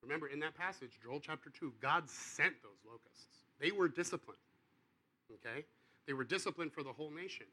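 Bright-voiced male preacher, casual and animated. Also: a little high, a little fast, poor audio. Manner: casual, conversational preaching with acted-out dialogue; animated, swings between quiet and loud. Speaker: pastor. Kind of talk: sermon.

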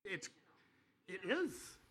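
A man preaching a sermon in a casual, conversational way, acting out the dialogue of the people in his story and swinging between quiet and loud. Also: very slow, rough recording. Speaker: pastor.

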